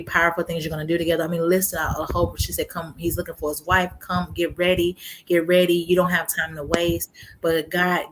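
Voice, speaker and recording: A woman's voice: lowish voice, noisy background. A woman, telling her faith testimony in casual chat, acting out quotes and laughing often. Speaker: guest sharing her testimony.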